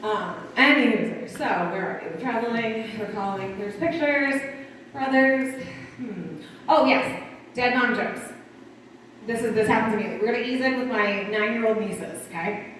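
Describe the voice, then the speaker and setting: A woman's voice: a little high, moderate pace, slight background noise. Woman, thirties, stand-up comic, rambling asides, distant mic, heavy room echo. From Connecticut. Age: 30s. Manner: rambling, conversational, dark humor with asides. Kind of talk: stand-up set. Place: small live performance venue.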